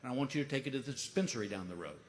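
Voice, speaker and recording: A comedian voicing a calm, cautious male doctor who talks in a measured, hushed way, on a live stage. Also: mid-range voice, voice pushed down, lightly acted. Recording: live hall reverb with noise.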